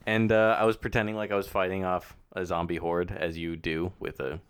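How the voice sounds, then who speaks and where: A man's voice: low-pitched, level tone, a little fast, smooth, no room sound. A young man co-hosting a casual podcast, telling a rambling story. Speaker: podcast co-host.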